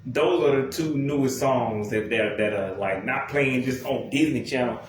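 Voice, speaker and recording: A young man delivers a blunt, profane, rambling rant about a music album, sounding exasperated and casual. His mid-range voice moves at normal speed, recorded from a distance in a very echoey room with faint noise.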